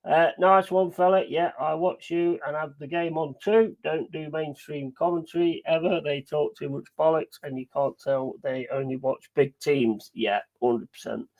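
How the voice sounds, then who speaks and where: A man chatting casually and excitedly over a live match, swearing freely and rambling through stories. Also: fairly high pitch. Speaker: watch-along streamer.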